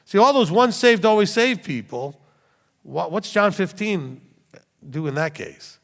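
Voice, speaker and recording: Recorded with a long hall reverb, this middle-aged man speaks in a high-pitched, fairly bright, animated voice at a slightly slow pace. As a rabbi leading Bible study, he teaches scripture in a lively sermon full of stories, laughs, and rhetorical questions.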